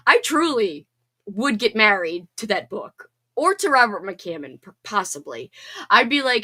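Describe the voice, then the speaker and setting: A woman's voice: a little high, wildly swooping pitch, sharp tone. A woman hosting a casual livestream from home, chatting bubbly and reading out viewer comments. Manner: bubbly and chatty, quick laughs and squeals. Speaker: livestream host.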